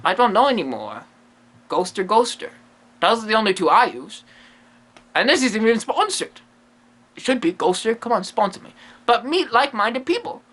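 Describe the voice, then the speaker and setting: A man's voice: high voice, sharp tone, full character voice. A man playing a quirky, lonely, self-amused male ghost medium who talks in broken English, drops his articles and rambles in a comedy monologue. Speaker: comedy vlogger in character.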